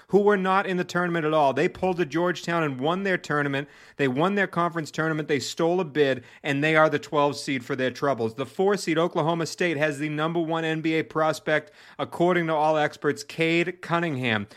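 A man hosting a sports podcast, running through teams and stats in a brisk, playful way. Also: on the high side, a bit bright. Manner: brisk rundown of facts, playful. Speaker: podcast host.

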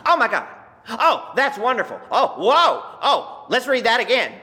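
A man voicing his conservative small-town father in his eighties, loud and exclamatory in a retold story. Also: mid-range voice, expressive, moderate pace, lightly acted. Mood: ecstatic. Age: 80s.

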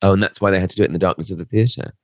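A man's voice: low-pitched, steady tone, racing, no echo, clean studio sound. A man co-hosting a comedy podcast, telling a rambling, self-mocking story in casual chat. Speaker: podcast co-host.

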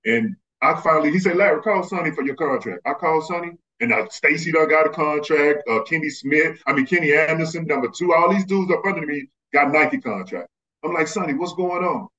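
A man from Texas, a former basketball player, telling animated stories as a podcast guest and acting out the people he quotes. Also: fairly high pitch, a little fast. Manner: animated, acts out quoted voices. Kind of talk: casual storytelling. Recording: slightly muffled lo-fi audio.

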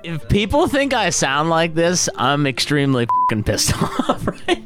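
A man's voice: fairly high pitch, big pitch swings, a little slow, fairly bright tone, faint music behind. A man co-hosting a comedy sports podcast in a studio, joking and rambling. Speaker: podcast co-host. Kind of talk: casual comedy chat.

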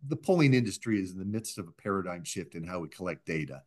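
This middle-aged man speaks with a fairly low voice as a guest pollster on a podcast. He tells stories in a measured, unhurried way, slipping into the voices of the people he quotes. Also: expressive. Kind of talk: anecdotal storytelling in a podcast interview.

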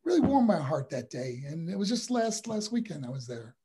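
A man's voice: fairly high pitch, fairly quick, husky. A middle-aged man, a former wrestler and boxer, telling rambling stories in a casual interview. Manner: rambling, animated storytelling with restarts.

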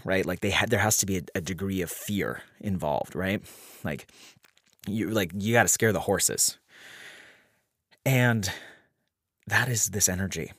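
A man's voice: low voice, unhurried, long pauses, a bit bright, no echo, studio quality. A man hosting a podcast in a casual, rambling way, full of restarts and sudden lifts in emphasis. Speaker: podcast host. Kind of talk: casual astrology talk.

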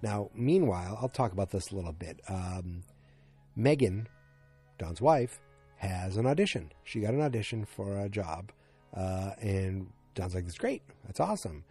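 Low, husky man rambling casually. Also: unhurried, dark tone, faint music behind. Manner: rambling, full of fillers and restarts. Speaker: TV episode recapper.

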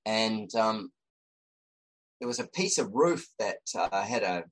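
A man's voice: fairly low pitch, animated, slow pace, low-quality recording. An Australian man, a designer and podcast guest, telling a story in casual chat with lots of fillers and restarts.

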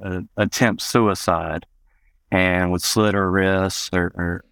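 A man's voice: low-pitched, level tone, slow pace, vocal fry, fairly bright tone, smooth, dry recording. A man from Arkansas, telling a personal story as an interview guest in a loose, reflective way, with many "you know" fillers, raising his voice to act out the people he quotes. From Arkansas, USA.

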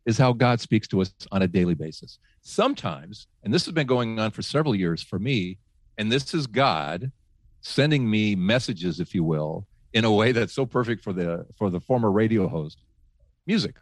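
A man who once worked as a radio host, telling faith stories in casual talk, animated, laughing often and restarting his sentences. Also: fairly low pitch, normal speed, no echo. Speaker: guest, former radio host.

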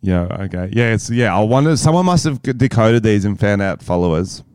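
A man's voice: on the low side, fairly quick, smooth, no room sound, clean studio sound. A man co-hosting a podcast, crude and joking in casual chat. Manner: crude, joking, animated storytelling. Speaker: podcast co-host.

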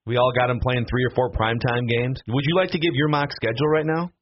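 A man's voice: mid-range voice, steady tone. Upbeat radio host man. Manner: upbeat, brisk announcer delivery. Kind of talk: sports radio talk and live read. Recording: dull radio broadcast with faint hiss.

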